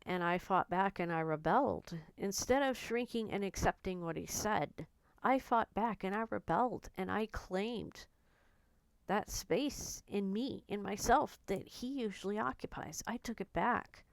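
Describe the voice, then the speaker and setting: A woman's voice: mid-range voice, measured pace, creaky, no room sound. A woman vlogger candidly telling a personal story, blunt and emotional, swearing freely.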